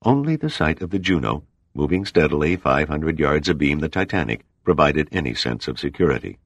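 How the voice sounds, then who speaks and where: A man reading an audiobook in a steady, measured scripted narration. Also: a bass voice, no room sound.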